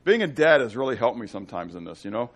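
A man's voice: mid-range voice, very animated, fast, a bit bright. A man teaching a conversational Bible study, with joking asides and questions to his class.

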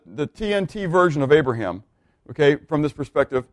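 Recorded in clean studio sound with no room ambience, a man with a fairly high-pitched voice delivers a Bible-teaching sermon a little quickly. He stays animated, raising questions and answering them on his own.

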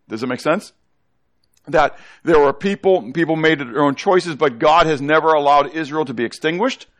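A man gives a Bible study sermon to a congregation in a slightly high voice, full of energy as he keeps asking questions of the room and coaxing the kids to chime in.

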